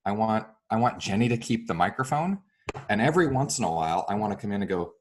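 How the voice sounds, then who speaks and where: A man speaking as an interview guest, explaining his ideas with many fillers and lively acted-out example dialogue. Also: lowish voice, quick pace, a little hiss or hum. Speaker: real estate broker and coach.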